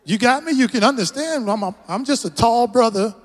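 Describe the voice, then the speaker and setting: Speaking at an extremely high pitch, a little fast and full of expression, this middle-aged man with a Texas accent delivers a stirring guest sermon. He draws the congregation into call-and-response, and his words ring out with the long reverb of a big church hall.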